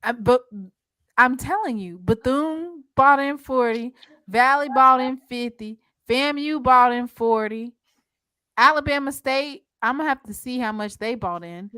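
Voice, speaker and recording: A woman hosting a casual live-stream sports chat, quizzing and teasing her co-hosts in a lively way. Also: high voice, a little slow, clean tone, no room sound. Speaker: host.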